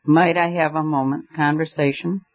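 A man's voice: a little high, fairly even intonation, moderate pace. A man reading as an intense anarchist poet. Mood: eager. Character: intense fiery-haired male poet anarchist. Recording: slightly muffled lo-fi audio.

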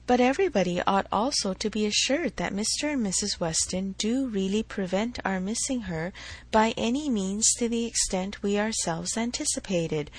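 A woman voicing a lively, self-assured young woman in a narrated novel, brisk and reassuring. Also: medium pitch, lightly acted.

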